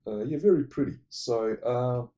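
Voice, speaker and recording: A man's voice: mid-range voice, normal speed, dark tone. A man rambling enthusiastically through casual film recommendations, full of fillers. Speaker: movie reviewer.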